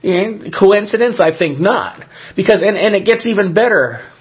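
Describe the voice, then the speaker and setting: A man preaching a sermon in a conversational way, often pausing on fillers and restarting his sentences. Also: sits high, lively intonation, husky, highs cut off. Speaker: pastor.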